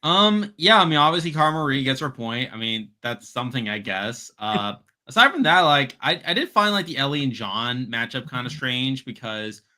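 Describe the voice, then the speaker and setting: A man's voice: medium pitch, big pitch swings, normal speed, few pauses, bright, forceful tone. A man co-hosting a podcast over a video call, talking in a laid-back, hesitant way with many fillers. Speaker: podcast co-host. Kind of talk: casual podcast chat.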